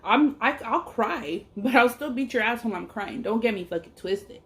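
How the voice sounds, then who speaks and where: A woman's voice: a little high, expressive, moderate pace. A woman and mother telling a personal story while eating on camera, talking in a blunt, emphatic way, swearing freely and speaking openly about her feelings. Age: adult parent. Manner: candid and emotional. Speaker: mukbang vlogger.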